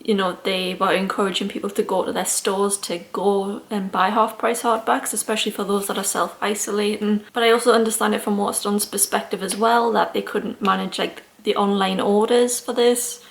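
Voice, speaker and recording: A young woman, chatting casually in a vlog, gushing and excitable with lots of "like" fillers. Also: medium pitch, fairly quick, gravelly, hardly any pauses. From United Kingdom. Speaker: book vlogger.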